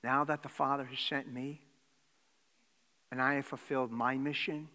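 A man preaching a sermon, swinging between loud exclamations and hushed near-whispers. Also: medium pitch, level tone, moderate pace. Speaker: pastor. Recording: reverberant hall.

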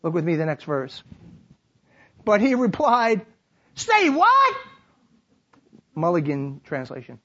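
A man preaching a sermon, animated, acting out quoted lines and dropping to a hushed tone to reflect. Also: a little high, normal speed, pauses often. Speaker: pastor. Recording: dull lo-fi sermon recording.

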